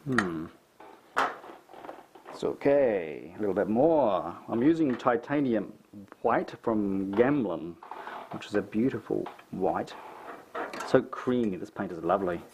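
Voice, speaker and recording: Man, New Zealand accent, middle-aged, chatty painting tutor, self-mocking, fairly low voice, faint clicking behind. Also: animated, measured pace, lo-fi sound, background noise.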